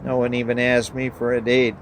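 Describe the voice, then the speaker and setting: A man's voice: medium pitch, monotone, brisk, a little hiss or hum, close to an everyday voice. A man voicing a despairing teenage girl Mert. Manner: pleading, despairing. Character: miserable teenage girl, self-pitying and despairing.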